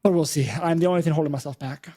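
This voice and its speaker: A man hosting a casual gaming podcast, sounding upbeat and easygoing. His voice sits a little higher than most men's. He talks in a chatty, self-deprecating way. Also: racing, mellow. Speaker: podcast host.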